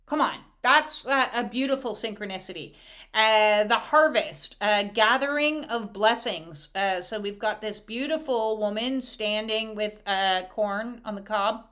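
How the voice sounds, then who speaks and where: Woman, oracle card reader, casual spiritual reading, animated, laughs often, bright tone. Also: mid-range voice, unhurried.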